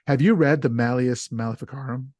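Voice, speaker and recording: A man's voice: medium pitch, fairly quick, a little mellow, dry recording, clean studio sound. A man hosting a casual podcast chat, talking loosely and stumbling over names, with an easy laugh. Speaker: podcast host.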